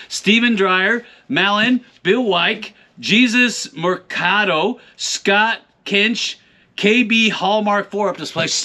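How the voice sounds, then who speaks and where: High, bright-voiced jokey cowboy host. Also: male voice, slow. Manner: jokey, folksy cowboy talk, playful mispronunciations. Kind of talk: reading supporter names, casual banter.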